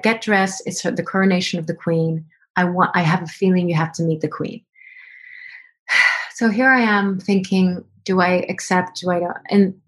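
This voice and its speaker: A woman guest on a podcast telling a personal story in an animated way, acting out both sides of remembered conversations. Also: on the low side. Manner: animated, acts out both sides of dialogue in quoted voices.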